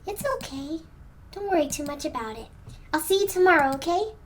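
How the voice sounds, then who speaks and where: A woman voicing a tearful, fragile teenage girl in a game, speaking softly and shakily. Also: sits high, lively intonation, brisk. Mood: gentle. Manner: soft, shaky and pleading.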